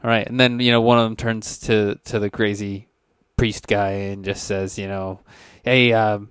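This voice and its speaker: A man's voice: lowish voice, monotone, moderate pace, fairly bright tone, clear, resonant tone, no echo. A man narrating a tabletop game as game master, loose and rambling with many fillers.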